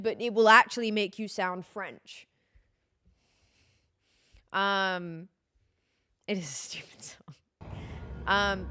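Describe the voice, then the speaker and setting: A woman's voice: medium pitch, bright, forceful tone, slight background noise. Young british woman streaming, rambly chatty gamer talk, keeps correcting herself. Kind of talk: casual chat while gaming.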